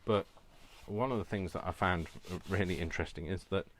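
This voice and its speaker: Deep-voiced chatty man. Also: a little hiss or hum. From Britain. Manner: rambling, chatty, quick to laugh. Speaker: crafting vlogger. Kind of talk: casual chat while crafting.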